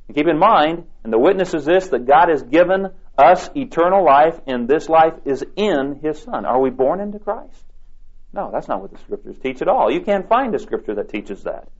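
A man preaching a sermon, reading scripture aloud with deliberate emphasis. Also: on the high side. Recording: dull lo-fi tape recording.

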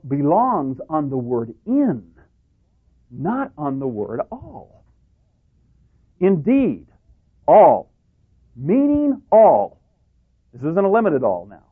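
A man preaching a sermon and teaching from the Bible, stressing single words and asking his listeners questions. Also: a little high. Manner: emphatic, lively, stresses single words, asks the audience questions. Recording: tinny phone-like radio broadcast.

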